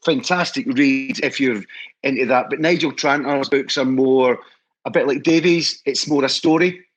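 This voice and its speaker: The guest, a Scotsman who leads a historical society, tells stories in a loose, excited, meandering style, starting over many times. He has a mid-range voice at normal speed, and the recording lacks its highs.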